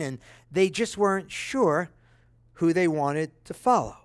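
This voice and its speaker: High-voiced preacher with dry sound. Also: male voice, measured pace, clear, resonant tone, no echo. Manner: conversational asides, checks in with listeners; dramatic, lively reading of quoted speech. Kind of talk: sermon, reading and explaining scripture.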